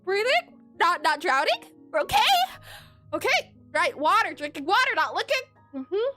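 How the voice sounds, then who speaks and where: A woman with a very high, lively voice chats her way through a live coding stream. Her tone is bright and forceful, and she breaks into giggles often. Faint music plays behind her. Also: moderate pace. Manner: giggly and playful, laughs often. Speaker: game developer streaming. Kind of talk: casual live-stream chat while coding.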